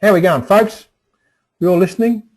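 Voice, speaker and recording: A man's voice: high voice, a little fast, darkish tone, rough recording. Folksy man giving a webinar. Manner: folksy, repeats phrases, many restarts and ums. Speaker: webinar presenter on emotional resilience. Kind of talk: live webinar presentation.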